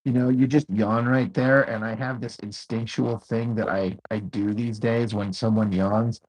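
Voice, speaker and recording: A man's voice: on the low side, fairly even intonation, measured pace, darkish tone, breathy edge, low-quality recording. A man co-hosting a casual chat, laid-back and swearing freely as he tells stories. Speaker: co-host.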